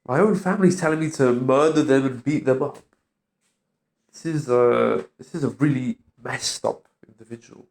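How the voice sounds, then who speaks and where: A man's voice: mid-range voice, moderate pace, vocal fry, darkish tone. A man talking bitterly in an agitated, profane vlog rant. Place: London street.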